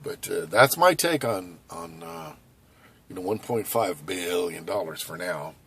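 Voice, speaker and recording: A man in his forties from Southern California, chatting casually and rambling to camera as a vlogger, hyperactive and animated, outdoors at a skate park. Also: sits low, a little slow, creaky, breathy edge. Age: 40s. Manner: hyperactive, animated, loose and conversational with many asides.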